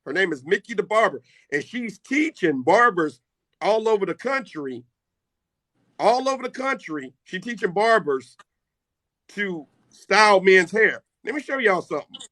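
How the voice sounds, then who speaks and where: A man's voice: high-pitched, very animated, a little slow, bright, forceful tone, dry recording. A middle-aged man hosting a casual live chat, talking brash and boastful. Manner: brash, boastful trash talk. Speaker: live stream host.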